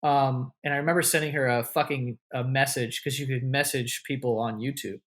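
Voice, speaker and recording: A man's voice: mid-range voice, fairly even intonation, brisk, a bit bright. A man as an interview guest, telling a story in a casual, loose way, full of "like" and "you know", with a lot of swearing. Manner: acts out what others said with a raised voice. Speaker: interview guest, content creator.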